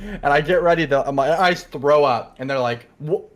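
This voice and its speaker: Profane, animated young man telling a story. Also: a little high, moderate pace, a little hiss or hum. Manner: animated, profane, laughing often. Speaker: streamer. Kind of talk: casual storytelling.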